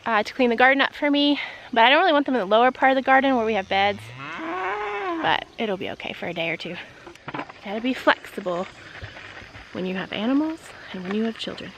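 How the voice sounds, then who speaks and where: A woman vlogging outdoors on a farm, chatting casually with the camera and calling loudly to her animals. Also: fairly high pitch, quick pace, muffled recording, noisy background. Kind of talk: casual vlog chat.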